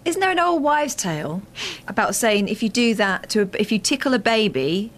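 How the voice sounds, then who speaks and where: A woman's voice: on the high side, sing-song, normal speed. A young woman co-hosting a radio show, playfully arguing and giggling in casual chat. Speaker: co-host.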